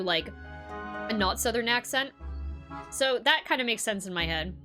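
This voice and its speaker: Giggly young woman streamer, lively pitch. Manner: giggly, self-deprecating, chatty. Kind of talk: casual game commentary. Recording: game music under voice. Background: game music.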